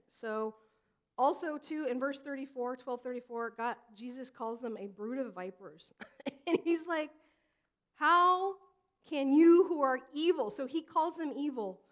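A woman pastor in her thirties preaches with a high voice, chatting in an animated, conversational manner as she tells stories and acts out what the people in them said.

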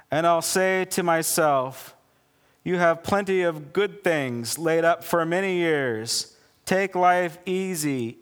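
A man's voice: a little high, a bit bright, clean tone, big-room sound. A man voicing a greedy rich farmer who schemes to hoard his harvest in a spoken parable. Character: greedy rich farmer planning bigger barns.

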